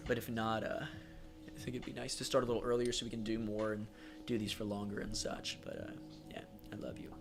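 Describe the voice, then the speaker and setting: A man's voice: on the low side, little pitch movement, brisk, music in the background. A man hosting a casual livestream, speaking affectionately and supportively with many fillers, reading viewer comments aloud. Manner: reads chat comments aloud. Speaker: livestream host.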